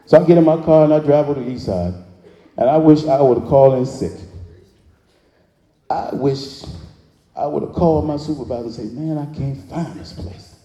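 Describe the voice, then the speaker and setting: Brief: male speaker, very mellow dark tone, preacher-like call-and-response, big echoey hall. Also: a little high, a little fast, long pauses. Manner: preacherly call-and-response, drawling Southern phrasing. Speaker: motivational speaker. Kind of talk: live inspirational speech to an audience. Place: large hall with audience.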